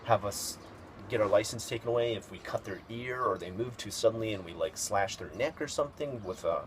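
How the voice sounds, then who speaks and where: Rambling low-voiced man with background noise. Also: a little fast. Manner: rambling, hesitant, many fillers and restarts. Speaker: video host. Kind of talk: casual storytelling commentary.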